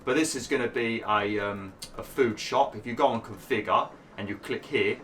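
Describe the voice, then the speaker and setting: Man, hoarse voice, lowish pitch, chatty game walkthrough, faint hiss behind. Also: normal speed, fairly bright tone. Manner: explains step by step with many fillers. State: hoarse, losing his voice. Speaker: gaming channel host. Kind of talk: casual gameplay commentary.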